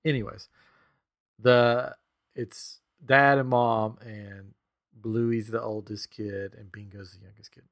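A man in his thirties co-hosts a podcast, telling an animated family story in casual chat. His voice is on the low side and slow, and he chuckles often while acting out the quotes.

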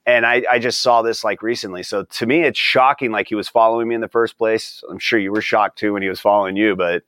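A man's voice: fairly low pitch, steady tone, quick pace, a bit bright, no echo, clean studio sound. A man as a podcast guest, talking in a rambling, exasperated way and laughing often. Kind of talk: casual political chat.

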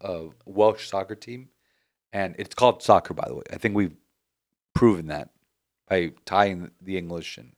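A man hosting a casual sports podcast, animated and rambling with frequent restarts. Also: low-pitched, normal speed. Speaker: podcast host.

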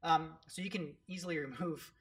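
A man co-hosting a casual podcast, explaining tabletop game rules in quick, filler-heavy talk with many ums. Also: on the high side, fairly even intonation, a bit bright. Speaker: podcast co-host. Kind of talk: casual chat about tabletop wargaming.

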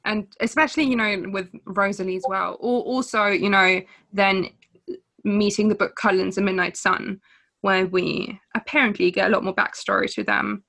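Bright, gravelly woman chatting casually. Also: mid-range voice, moderate pace. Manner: relaxed, rambling, laughs often. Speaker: podcast co-host. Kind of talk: casual book discussion.

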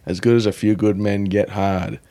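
A man's voice: lowish voice, fairly even intonation, normal speed, a loud crowd. A man co-hosting a comedy podcast, delivering dry, announcer-like asides. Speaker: podcast co-host. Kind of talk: casual comedy banter.

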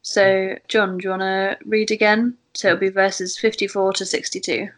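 A woman leading a casual Bible study discussion in a thoughtful, gently guiding way. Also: medium pitch, level tone, normal speed. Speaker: Bible study group leader.

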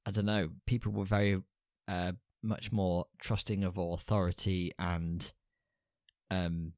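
A man's voice: deep voice, no echo, studio quality. Jokey man co-hosting a podcast. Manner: jokey, crude banter with rambling asides. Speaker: podcast co-host. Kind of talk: casual film review chat.

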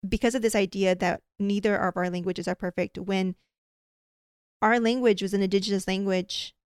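Brief: woman guest, smooth voice, dry close sound, candid. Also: medium pitch, fairly even intonation, normal speed, no room sound. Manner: candid, frustrated, switching into Spanish. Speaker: dental hygienist and professor, guest. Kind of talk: conversational interview.

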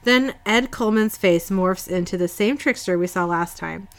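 A woman's voice: mid-range voice, normal speed. A woman co-hosting a podcast, chatting casually through a story recap and laughing at her own slips. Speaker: podcast co-host.

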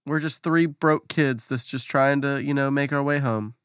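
Man as an excitable tabletop player, stumbles over words, dry close sound. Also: medium pitch, normal speed, clean tone, no echo. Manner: eager, stammering, laughing often. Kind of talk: casual tabletop role-play.

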